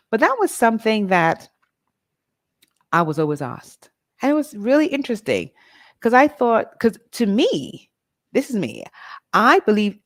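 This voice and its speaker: A woman's voice: on the low side, dry recording, studio quality. A middle-aged woman from Nigeria, talking candidly and directly to her listeners in a reflective personal monologue. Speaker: vlog host.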